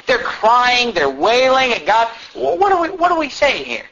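A man preaching a fiery sermon in a high, bright voice that swings widely up and down. He reads scripture in old-fashioned wording and breaks into impassioned, mocking wails. The recording is dull and lo-fi. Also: wildly swooping pitch, moderate pace. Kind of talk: fiery sermon reading King James scripture.

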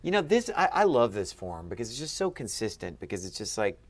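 A man's voice: fairly low pitch, sing-song, a little fast, crowd noise. A man tutoring a student through Ancient Greek accents, patiently quizzing and encouraging him in a friendly, upbeat way. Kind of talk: one-on-one lesson.

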